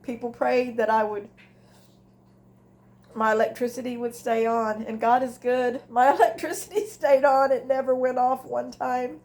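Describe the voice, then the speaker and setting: A woman's voice: fairly high pitch, fairly even intonation, normal speed, a little mellow. Older woman, home vlog to camera, earnest and rambling, open about her feelings. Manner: candid, emotional, rambling with restarts. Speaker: grief vlogger. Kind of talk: candid personal vlog. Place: at home, indoors. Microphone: device camera.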